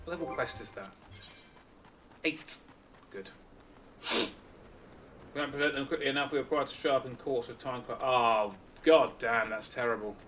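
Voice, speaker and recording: A man's voice: medium pitch, moderate pace, long pauses, fairly bright tone, recorded from a distance, slight background noise. A man giving casual let's-play commentary, with muttered, self-deprecating asides. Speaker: gaming channel host. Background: faint game music.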